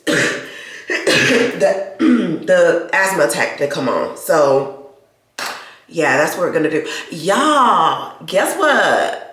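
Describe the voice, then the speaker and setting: A middle-aged woman vlogger wheezing from asthma, telling stories in a chatty, laughing, animated way. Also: mid-range voice, very echoey. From United States. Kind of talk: casual chat to camera. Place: inside a car.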